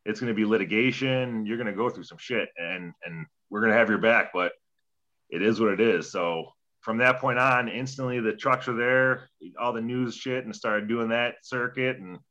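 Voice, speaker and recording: A man's voice: mid-range voice, normal speed, bright, forceful tone, lo-fi sound. A young man, a former hockey player, telling a story in a casual interview, profane and rambling, acting out quoted dialogue.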